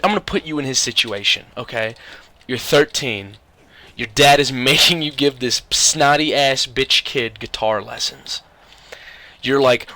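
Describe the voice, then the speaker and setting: Bright-voiced young man rambling. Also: mid-range voice. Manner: rambling, profane, many restarts and fillers. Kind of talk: casual storytelling.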